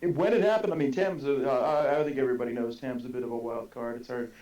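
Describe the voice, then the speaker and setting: Relaxed man guest on game commentary. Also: medium pitch, fast, highs cut off. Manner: relaxed, hesitant, many fillers. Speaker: guest commentator, former player. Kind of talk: casual live game commentary.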